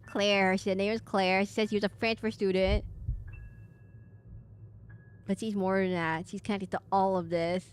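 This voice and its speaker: A woman's voice: mid-range voice, flat delivery, normal speed, long pauses, a little hiss or hum, natural voice. A woman voicing a determined, protective teenage boy protagonist, earnest and defiant, in a horror game. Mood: defiant uneasy. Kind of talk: game dialogue voiced by a streamer.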